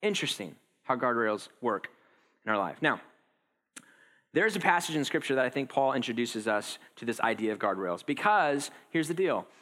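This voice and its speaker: Bright, animated man preaching. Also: medium pitch, normal speed. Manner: conversational and animated, acting out quotes. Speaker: pastor. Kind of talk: sermon.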